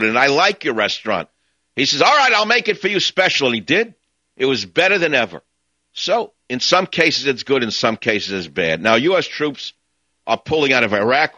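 A man's voice: medium pitch, sharp tone, no room sound, dull audio. A man hosting a talk radio show, ranting and sarcastic in his monologue.

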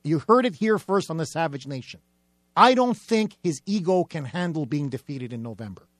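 A combative male talk radio host whose voice sits high for a man. He hammers his points with mocking repetition, recorded in a dry, close studio. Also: no room sound. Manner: combative, mocking, repetitive rhetorical build-ups. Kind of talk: political talk radio monologue.

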